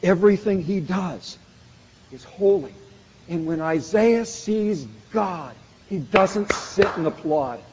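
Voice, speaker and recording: A man with a fairly high voice preaches a sermon, building emphasis through repeated phrases. The sound is dull and muffled. A long reverb from a large hall hangs behind his words. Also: takes it slowly, a little mellow, a little hiss or hum. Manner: emphatic, repetitive preaching cadence.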